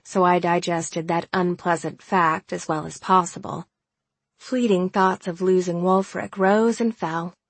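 A woman narrating a first-person novel in a wry, steady way. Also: fairly low pitch, gravelly, husky, dry recording. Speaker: audiobook narrator.

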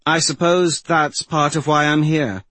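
A man voicing a blunt, quick-talking teenage girl mystic, in a raised, lighter voice. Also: on the high side, steady tone, a bit bright, dry recording, pitched above the performer's own voice. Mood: wry. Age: teen girl figure.

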